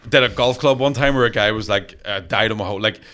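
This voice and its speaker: A man's voice: fairly low pitch, fast, pushed and bright. Laughing, profane man. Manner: profane, laughing through his own stories. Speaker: stand-up comedian guest. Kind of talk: casual podcast storytelling.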